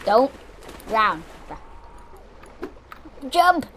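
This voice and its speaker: A woman giving excitable, chatty let's-play commentary, exclaiming as she plays. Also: fairly high pitch, extremely slow, slight background noise. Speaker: gamer.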